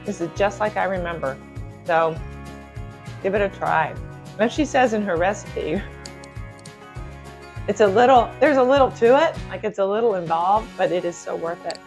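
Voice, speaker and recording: A woman's voice: mid-range voice, normal speed, long pauses, a little mellow, faint music behind. Chatty woman hosting a cooking video. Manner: chatty, enthusiastic, gushing over food. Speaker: cooking channel host. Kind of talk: casual cooking video chat.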